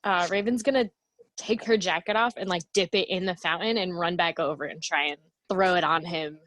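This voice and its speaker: A woman's voice: on the low side, brisk, a bit bright. A woman player in a tabletop role-playing game, speaking casually and with some hesitation.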